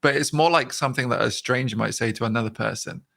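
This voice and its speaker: A man's voice: medium pitch, quick pace, creaky. A British man hosting a casual chat, laughing often as he talks. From Britain. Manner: laughing, animated, swearing casually. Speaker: host.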